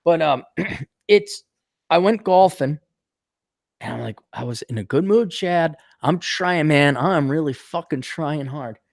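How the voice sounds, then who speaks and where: A man's voice: fairly high pitch, unhurried, vocal fry, no room sound. Profane ranting man, dry sound. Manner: profane, ranting, animated storytelling. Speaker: podcast host. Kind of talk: casual chat.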